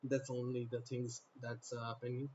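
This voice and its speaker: A man's voice: medium pitch, completely flat delivery, moderate pace, darkish tone, dull audio, slight background noise. A man from North India giving a rambling monologue to the camera, often repeating himself and starting sentences over. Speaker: vlogger.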